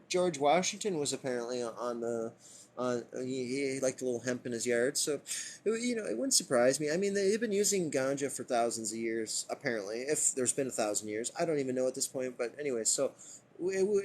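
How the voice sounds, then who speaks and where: A man's voice: mid-range voice, lively intonation, fast talker, a little mellow, a little hiss or hum. A man giving a casual live book reading. He rambles off topic, swears often and breaks into laughter. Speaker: streamer reading a book aloud.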